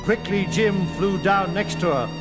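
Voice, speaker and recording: A man reading a children's story aloud in a playful, animated way. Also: high voice, unhurried, music in the background.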